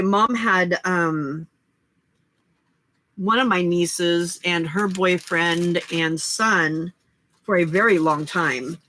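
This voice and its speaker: Slow-talking, bright-voiced middle-aged woman host. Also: on the low side. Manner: chatty, talks to her cats and viewers between stories. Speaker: craft livestream host. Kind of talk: casual late-night crafting chat. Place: home crafting space.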